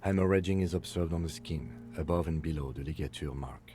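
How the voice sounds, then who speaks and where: A composed, methodical police lieutenant with a low, mellow voice. He reads out his findings in a measured, clinical, understated way. Quiet game music plays faintly behind him. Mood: calm, clinical. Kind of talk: video game voice acting.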